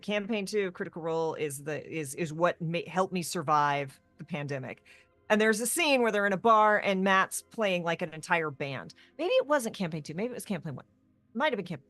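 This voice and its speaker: A woman co-hosting a tabletop gaming talk show, chatting casually in an animated, rambling way with quick tangents. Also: mid-range voice, no echo. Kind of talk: casual chat.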